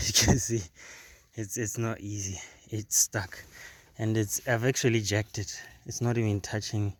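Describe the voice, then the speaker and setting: A man hosting a casual car repair video, explaining step by step in a halting way and repeating words as he works on a jacked-up car. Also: on the low side, flat delivery, no room sound. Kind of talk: casual how-to demonstration.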